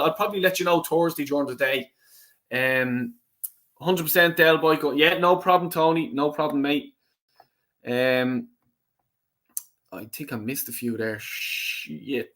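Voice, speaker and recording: A man's voice: mid-range voice, fairly bright tone. An Irish man hosting a casual live stream, reading out chat comments, swearing freely, with lots of ums and restarts. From Ireland.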